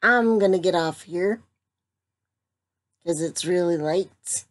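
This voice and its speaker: A woman, talking slowly in a casual vlog and breaking into laughter again and again. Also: on the low side. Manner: giggly, keeps breaking into laughter; slow, drawn-out talk. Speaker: vlogger.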